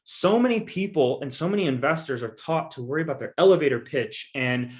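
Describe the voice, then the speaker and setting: A man's voice: fairly high pitch, expressive, fairly quick. A man giving a coaching presentation on investing, talking to his audience in an emphatic, persuasive and casual way. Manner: emphatic and persuasive, with frequent repeated assurances; casual, addresses listeners directly as "guys". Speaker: guest speaker on real estate investing.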